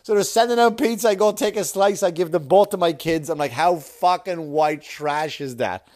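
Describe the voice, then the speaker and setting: A man's voice: high-pitched, moderate pace. A man telling a rambling, profane, self-mocking story as a comedian hosting his own podcast. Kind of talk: casual storytelling monologue.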